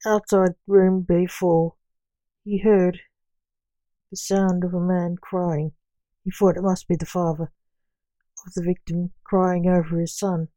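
A woman narrating a story in a measured, steady reading voice. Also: on the low side, dry recording.

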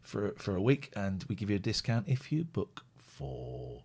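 A man's voice: fairly low pitch, very animated, measured pace, darkish tone, husky. A man from the United Kingdom hosting a live stream show in casual, rambling, blunt chat. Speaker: show host.

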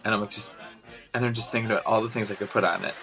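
A man co-hosting a podcast, recapping a TV episode in casual, rambling chat, animated and often laughing. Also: on the low side, rapid-fire, over music. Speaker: podcast co-host.

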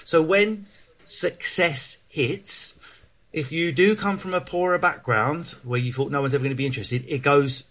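A man's voice: on the high side, normal speed. Frank, swearing Cockney man. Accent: London Cockney. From England. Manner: frank, animated, swears freely, lots of restarts. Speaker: stand-up comedian, guest. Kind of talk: candid interview chat.

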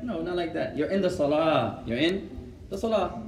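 A man teaching a mosque lesson and answering questions, mixing Arabic phrases into his English, in a gently instructive way. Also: a little high, animated, normal speed. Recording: roomy echo, voice from far off.

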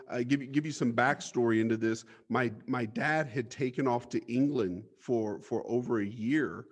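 A man's voice: medium pitch, normal speed, hardly any pauses. A man as an interview guest, telling his life story bluntly, with swearing and stammered restarts.

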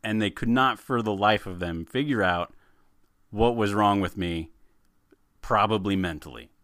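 A man co-hosting a podcast in casual chat, animated and laughing, often repeating words as he starts a sentence. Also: lowish voice, a little slow, no echo, studio quality. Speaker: podcast co-host.

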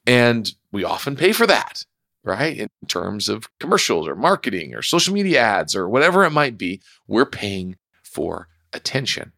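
A man's voice: low-pitched, creaky, fairly bright tone, dry recording, clean studio sound. A man hosting his own podcast, telling a personal story in a reflective, conversational way. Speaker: podcast host. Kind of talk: solo podcast monologue.

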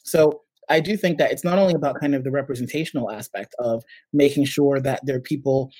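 Middle-aged New York man, quick and high-ish, lively raconteur, dry close mic. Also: no echo, rough recording. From United States. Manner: animated storyteller, acts out quoted voices. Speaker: startup CEO, guest. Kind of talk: casual interview conversation.

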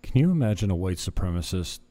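A man with a low, warm, sing-song voice speaks at a quick pace to his vlog viewers. The chat to camera is casual and rambling, and he often leaves thoughts unfinished to chuckle at his own asides.

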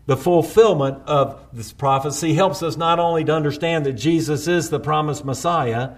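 Higher-voiced male preacher. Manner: builds intensity with repeated refrains, slows on quoted prayers. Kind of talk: sermon.

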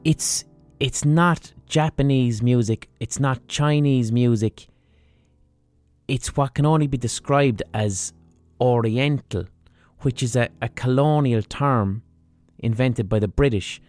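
A man's voice: medium pitch, takes it slowly, darkish tone, dry recording, faint music behind. A man hosting a podcast, delivering a blunt, profane, ranting monologue. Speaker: podcast host.

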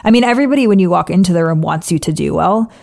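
Woman director chatting, lowish gravelly voice, lots of likes and restarts. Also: expressive, racing, a little mellow. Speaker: director and podcast co-host. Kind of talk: casual chat.

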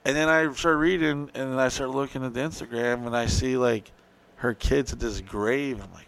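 A man's voice: medium pitch, steady tone, moderate pace, a bit bright. A man on a podcast telling a rambling, profane story in casual banter. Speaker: podcast co-host.

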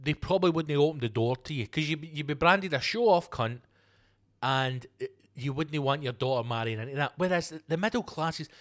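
Male podcast host, foul-mouthed rant, sarcastic, loud bursts then mumbled asides. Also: expressive, moderate pace. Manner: profane, sweary and sarcastic; swings from loud emphatic outbursts to low muttered asides. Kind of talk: ranting solo podcast monologue.

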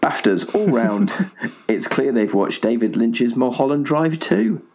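A man's voice: mid-range voice, sing-song, measured pace, gravelly, a little mellow. A male podcast host reading out listener messages in a wry, self-mocking way.

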